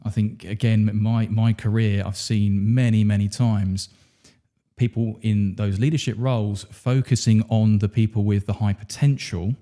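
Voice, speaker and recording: A man coaching on leadership talks in a thoughtful, unhurried way. He often restarts and repeats words while he works through a point. His voice sits low and warm. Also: fairly even intonation. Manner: reflective, repeats words as he thinks. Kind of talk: casual conversation.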